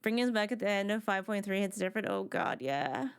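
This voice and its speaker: A woman streamer chatting casually while she plays a video game, rambling with excitement and restarting her sentences often. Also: mid-range voice, fast talker, clean tone. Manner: excited, rambling fan talk with many restarts.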